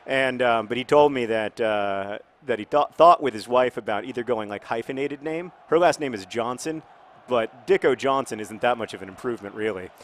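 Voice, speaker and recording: A man casually commenting on his football video game in a rambling, jokey way, breaking into excited shouts. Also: mid-range voice, moderate pace. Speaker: gaming video host.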